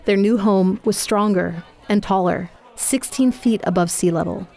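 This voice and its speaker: A woman giving measured, scripted documentary narration. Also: medium pitch. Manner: measured, even delivery.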